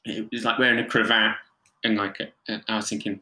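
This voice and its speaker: A photographer appearing as a podcast guest tells casual anecdotes in a lowish voice at a quick pace. He's animated, leans on lots of fillers, and acts out voices, and the recording has a roomy echo.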